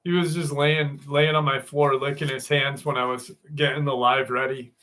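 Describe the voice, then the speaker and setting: A man's voice: medium pitch, little pitch movement, normal speed, pushed and bright. A man in his sixties hosting a casual livestream from home, chatting loosely with viewers, greeting them by name and swearing freely. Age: 60s. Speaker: livestream host.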